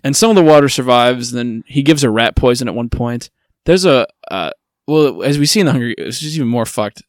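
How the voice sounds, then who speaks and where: A man's voice: mid-range voice, lively intonation, a little fast, no echo. Wry male podcast co-host, dry sound. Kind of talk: casual chat.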